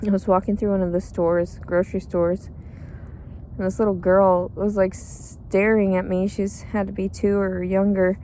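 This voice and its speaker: A woman's voice: mid-range voice, level tone, normal speed, mellow, slight background noise. A tired, cranky woman rambling in a bitter, crude, profane monologue outdoors. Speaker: pregnant homeless woman.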